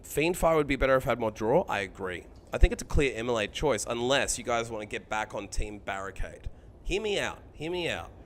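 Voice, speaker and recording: A man streaming a card game live, thinking out loud about his choices, chatting with viewers and swearing freely. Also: mid-range voice, expressive, a little fast, a little hiss or hum.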